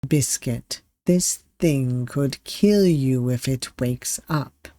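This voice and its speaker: A streamer voicing a calm young male pirate in a visual novel, speaking with steady, low-key reassurance. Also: drawn-out words, no room sound. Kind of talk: reading a visual novel aloud.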